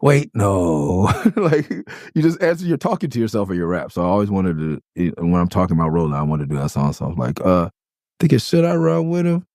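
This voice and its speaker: A man's voice: lively intonation, quick pace, darkish tone, no echo, studio quality. A middle-aged man, breaking down his own rap song in a rambling, casual way, laughing and slipping into funny character voices. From Los Angeles. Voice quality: calls his own voice high pitched. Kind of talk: casual storytelling commentary.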